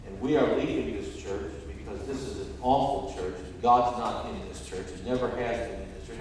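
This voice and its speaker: A man preaching a sermon as a pastor, telling a story and rising to loud, emphatic peaks. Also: fairly low pitch, moderate pace, few pauses, slight background noise. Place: large church sanctuary. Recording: echoey hall, distant mic.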